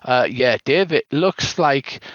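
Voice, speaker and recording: Older British game master narrating a spooky tabletop adventure, dry and slightly muffled call audio. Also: male voice, medium pitch, lively intonation, slow, fairly bright tone, dry recording.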